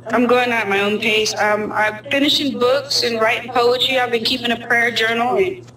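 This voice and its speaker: A woman interviewed about her recovery, speaking in a halting, earnest way. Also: fairly high pitch, fairly even intonation. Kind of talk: personal interview. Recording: roomy distant mic with crowd noise.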